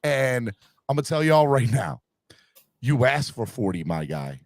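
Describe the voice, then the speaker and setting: A man with a gravelly, fry-edged voice rants through heated sports talk, his pitch leaping all over the place. He swings from low grumbles up into loud, high bursts. The sound is dry and close, with no room around it. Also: a little slow, dry recording. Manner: animated, ranting, bursts into shouting. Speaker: sports podcast host.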